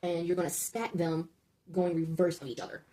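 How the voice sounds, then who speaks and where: A woman's voice: lowish voice, little pitch movement, normal speed, noisy background. A woman hosting a casual build-along, talking viewers through each step, often checking in with "okay?" and stumbling over numbers and correcting herself. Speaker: LEGO build-along host.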